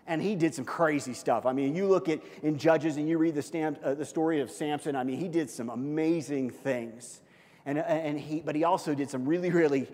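A man's voice: fairly high pitch, a little mellow, in a large hall. A middle-aged male pastor preaching a sermon in a conversational, self-deprecating storytelling manner.

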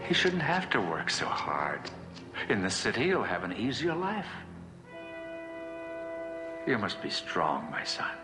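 An actor playing a gentle, sorrowful father who speaks slowly and patiently to his young son. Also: fairly low pitch, huge pitch swings. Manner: slow, soft and patient. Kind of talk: animated film dialogue. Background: music score.

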